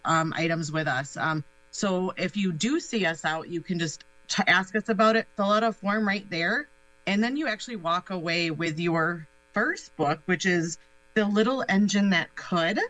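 Woman, radio guest, upbeat, lots of fillers, bright tone. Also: lowish voice, normal speed, poor audio. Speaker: guest, nonprofit special projects director. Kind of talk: casual radio interview.

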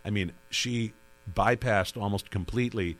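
Low-voiced man, rambling radio host. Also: moderate pace. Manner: rambling, with restarts and filler. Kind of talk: conversational interview.

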